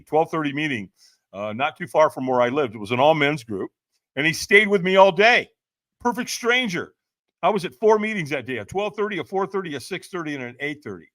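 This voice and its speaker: A man in his sixties, a podcast guest telling his personal story in an animated way and acting out voices. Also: a little high, dry recording.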